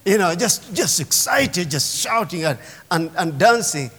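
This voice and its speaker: High-voiced pastor preaching in a reverberant hall. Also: male voice, animated, measured pace, a bit bright, slightly rough. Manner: emphatic preaching with call-and-response. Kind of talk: sermon. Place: church sanctuary. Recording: long reverb of a large hall.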